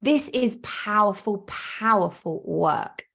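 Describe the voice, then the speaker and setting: This is an animated woman, talking straight to her podcast listeners as a coach. She repeats herself for emphasis and slips into quick little voices for the thoughts in people's heads. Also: medium pitch, gravelly. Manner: animated, acts out inner voices, emphatic repetition. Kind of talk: podcast monologue.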